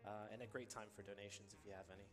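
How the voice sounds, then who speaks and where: Relaxed low-voiced man explaining gameplay. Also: very fast, faint music behind. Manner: relaxed, explanatory, many ums and uhs. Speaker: speedrunner. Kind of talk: live commentary while playing.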